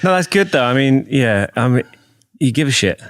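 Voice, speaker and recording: A man's voice: mid-range voice, animated, normal speed, fairly bright tone, no room sound, studio quality. A man hosting a podcast, reflective and supportive, giving frequent short "yeah" replies. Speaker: podcast host. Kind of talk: casual interview chat.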